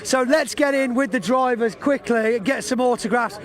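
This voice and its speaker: A man presenting live while walking around an outdoor race circuit, chatting and joking with guests. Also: extremely high pitch. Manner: chatty, jokey, quick asides. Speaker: trackside presenter.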